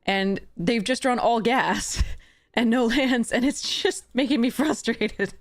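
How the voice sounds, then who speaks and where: A woman's voice: on the high side, slow. A young adult woman streaming a card game, talking to herself in frustration, swearing and laughing in exasperation. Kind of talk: livestream game commentary.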